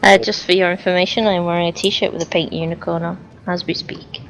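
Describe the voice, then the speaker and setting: A woman co-hosting a gaming stream who passes on viewers' messages in a dry, matter-of-fact way. Her voice sits on the lower side for a woman. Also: level tone, a little fast, lo-fi sound, a little hiss or hum. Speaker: streamer reading chat. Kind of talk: casual gaming chat.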